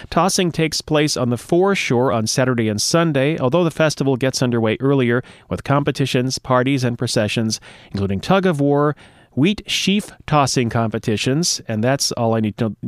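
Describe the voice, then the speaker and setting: A man's voice: medium pitch, no echo. Dry-voiced joking male show host. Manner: playful, self-mocking, ad-libs between read lines. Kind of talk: casual news reading with joking asides.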